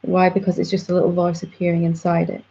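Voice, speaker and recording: A woman's voice: lowish voice, completely flat delivery, fast, gravelly, dark tone. A woman spiritual teacher patiently explaining to a student in a reflective satsang dialogue. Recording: dull lo-fi audio.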